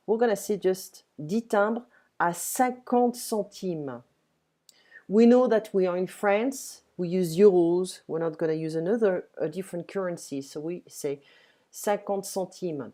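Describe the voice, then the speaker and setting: A woman teaching a beginner French lesson online, patiently explaining and reading dialogue lines slowly and clearly. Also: on the low side, dark tone.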